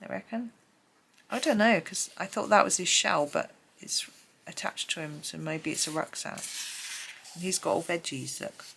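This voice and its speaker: Low, gravelly woman musing. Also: lively intonation, moderate pace, fairly bright tone, slight background noise. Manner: chatty, musing aloud, light laughs. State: sleepy, just woken up. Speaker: host. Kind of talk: casual flip-through chat.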